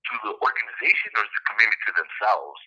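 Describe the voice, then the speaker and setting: A man's voice: lowish voice, sing-song, very fast, pushed and bright, husky, highs cut off. A man speaking as a podcast guest, talking in a slangy, rambling street style in casual conversation.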